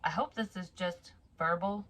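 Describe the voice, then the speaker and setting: A woman's voice: on the low side, normal speed, fairly bright tone, poor audio. A woman giving a casual psychic tarot reading, chatty and thinking aloud, with frequent swearing.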